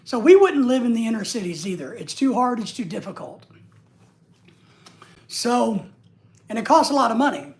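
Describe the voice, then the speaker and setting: This livestream host, a man from the United States, talks at normal speed in a very high, sing-song voice broken by long pauses. Reading viewers' comments aloud, he rambles and jokes casually, frequently starting over.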